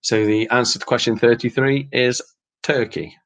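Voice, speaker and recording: A man runs a relaxed quiz night, reading each question and answer aloud in an easygoing, chatty manner. His voice sits at an ordinary middle pitch, and he slips in laughs and mild swearing. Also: moderate pace. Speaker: quiz host.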